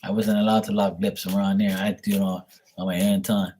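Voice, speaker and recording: A man's voice: fairly low pitch, little pitch movement, fast, dark tone, slight background noise. A man in his forties chatting casually as a stream host, rambling through stories with plenty of swearing. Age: 40s. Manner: rambling, profane, storytelling. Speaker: stream host answering paid questions. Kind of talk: casual chat.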